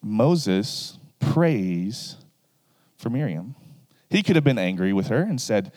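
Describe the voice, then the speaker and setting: A man's voice: on the low side, slow pace, big-room sound. A man giving a casual Bible lesson, acting out the people in the story with lots of asides to the listeners. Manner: animated, acts out the people in the story. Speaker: preacher.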